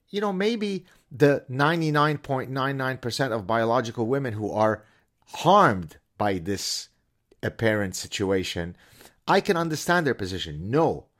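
A man hosting his own show, giving a sarcastic, animated commentary monologue full of mocking asides. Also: on the low side. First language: French. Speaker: host.

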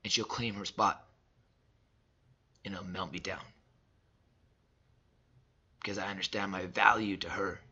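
Husky, bright-voiced man on lo-fi audio. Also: deep voice, little pitch movement, a little slow, pauses often. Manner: emphatic and repetitive, drops from loud to soft. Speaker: father sharing reflections. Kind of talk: personal motivational monologue.

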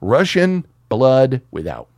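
A man from the United States co-hosting a casual film podcast, talking in a profane, animated way. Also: mid-range voice, slow pace, no room sound, studio quality. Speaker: podcast co-host.

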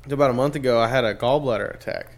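A man's voice: medium pitch, very fast. A young man in casual chat, telling long stories with plenty of swearing and filler words. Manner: profane, rambling storyteller.

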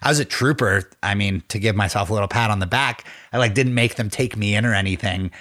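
A man's voice: on the low side, fast talker, a bit bright. A man co-hosting a podcast, chatting casually, teasing his friend and swearing freely. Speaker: podcast co-host. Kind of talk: casual chat.

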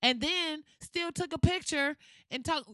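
A woman hosts a podcast in a blunt, sarcastic rant full of profanity. Her voice sits a little high, and the sound is dry and close to the mic. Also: a little slow, fairly bright tone, no room sound. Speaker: podcast host.

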